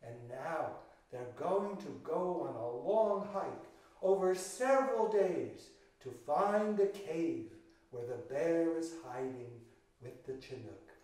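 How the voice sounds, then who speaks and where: A man's voice: fairly high pitch, animated, slow pace, a little mellow. Older man telling a children's story. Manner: dramatic, with gasps and sung chants, speaking directly to the listeners. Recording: echoey room, from far off the mic.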